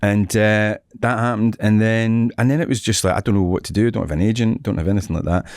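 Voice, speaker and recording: A man's voice: lowish voice, fairly even intonation, fast, darkish tone, dry recording, studio quality. A Scottish man in his forties, a guest telling stories in a casual interview and often laughing. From Scotland. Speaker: actor, guest.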